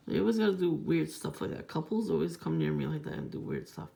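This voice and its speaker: Woman, heavy vocal fry, gravelly, rambling and profane, casual vlog monologue. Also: sits low, lively intonation, quick pace, few pauses, dark tone. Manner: rambling, profane, aggrieved storytelling. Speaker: vlogger.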